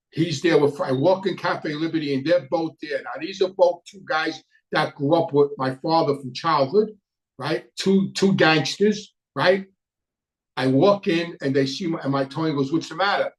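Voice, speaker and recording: A middle-aged man telling a personal story in an animated way, acting out the dialogue with frequent restarts. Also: fairly high pitch, rough recording. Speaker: podcast host telling a story. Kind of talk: casual storytelling.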